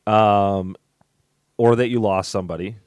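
A man's voice: on the low side, steady tone, unhurried, darkish tone, clear, resonant tone, no echo. A man in his forties chatting casually as a podcast co-host, rambling and laughing at his own jokes. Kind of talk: casual chat.

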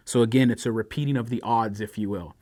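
A man's voice: medium pitch, steady tone, quick pace, mellow, no echo. Preacher man with a dry close sound. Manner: reads scripture aloud with rising emphasis, then explains conversationally; acts out sarcastic and pleading voices in quotes. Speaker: pastor. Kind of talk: sermon.

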